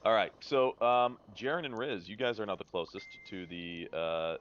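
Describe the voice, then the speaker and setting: Low-voiced game master, halting. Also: male voice, lively intonation, a bit bright, slight background noise. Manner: hesitant, many fillers and restarts. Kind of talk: narrating a tabletop game. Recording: dull lo-fi stream audio.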